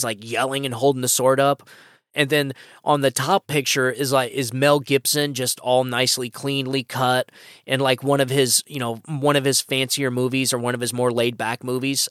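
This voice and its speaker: A man's voice: mid-range voice, a bit bright, no echo, studio quality. A man hosting his own political podcast, delivering an impassioned, emphatic solo opinion monologue that rambles with frequent restarts. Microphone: podcast microphone.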